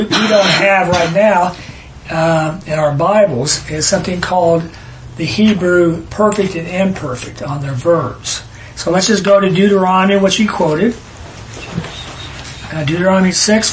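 Man, informal Bible teacher, higher-pitched, emphatic and rambling; echoey room recording. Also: slight background noise. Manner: emphatic, digressive, reads scripture aloud.

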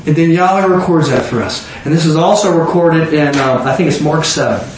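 A man preaching a sermon as pastor, talking with the congregation and acting out scenes with sudden shouts. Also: fairly high pitch, a little fast. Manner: animated, acts out biblical scenes with shouts. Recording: echoey room with faint noise.

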